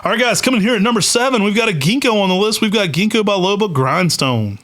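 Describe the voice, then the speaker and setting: A man's voice: high-pitched, expressive, fast talker, a bit bright. A man co-hosting a podcast, chatting casually and with enthusiasm, with plenty of "uh" fillers. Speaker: podcast co-host.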